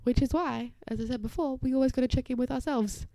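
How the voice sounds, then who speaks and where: A young woman, an occupational therapist, hosts a solo podcast and talks through parenting strategies in a chatty, reassuring way, often dropping to a soft whisper. Her fast voice is deep-toned and mellow with a gravelly edge. The sound is dry and close, with no echo.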